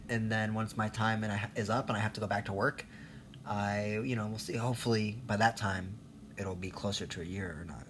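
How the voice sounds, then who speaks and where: A low-voiced man in his thirties rants through a loose, profane monologue, sarcastic and rambling as he laughs at his own jokes. A faint hiss of noise sits behind him. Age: 30s. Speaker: vlogger. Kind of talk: ranting monologue.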